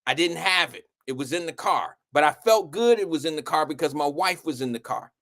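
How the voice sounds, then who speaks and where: A man's voice: on the high side, brisk. A man hosting a live stream show, talking casually and telling stories in a rambling, profane way. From Ohio. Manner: animated, profane, rambling storyteller. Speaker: show host.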